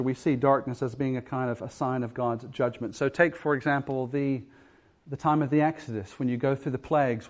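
A man preaches an expository sermon in an earnest voice, moving between quiet, low passages and strong, emphatic ones.

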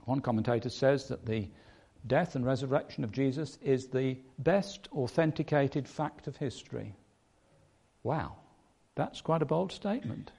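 A man preaching a sermon, emphatic, stressing points by changing his loudness and pace. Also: mid-range voice, vocal fry, slightly rough.

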